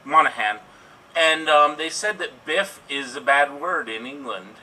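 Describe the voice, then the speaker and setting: A man chatting between scenes in a slow, hesitant way. His voice is high and very bright, and he sounds a bit off the mic. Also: far from the mic, a little hiss or hum, poor audio. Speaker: improv performer. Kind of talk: casual chat.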